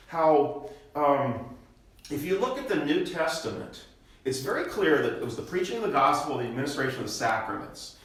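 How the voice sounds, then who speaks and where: An older man leads a Bible study in a church classroom, his voice a touch high for a man and a bit bright. He moves through his points with rhetorical questions, checking in with "okay?" repeatedly. The audio is heavily echoey, captured from a distance in the church room.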